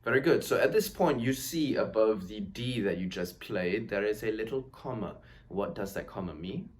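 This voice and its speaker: Counting beats out loud, this man walks a student through a violin lesson one step at a time, his fairly low voice full of lively intonation and kept at a moderate pace. His tone is patient, encouraging and reassuring, with a violin playing behind him.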